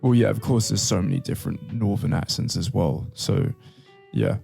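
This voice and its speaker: A man co-hosting a casual podcast chat, mostly tossing in short reactions and quick questions. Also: low-pitched, lively intonation, vocal fry, mellow, breathy edge, soft background music. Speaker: podcast co-host.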